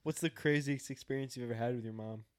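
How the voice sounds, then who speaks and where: A man's voice: medium pitch, fast talker, darkish tone. A man hosting a casual chat, asking questions and joking crudely. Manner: laughing, crude, teasing. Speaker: interviewer, host.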